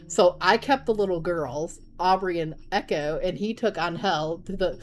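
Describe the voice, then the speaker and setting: Chatty young mom, laughing through stories. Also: female voice, fairly low pitch, normal speed, few pauses. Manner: chatty, laughs often, animated retelling. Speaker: mother of young kids. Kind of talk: casual storytime vlog.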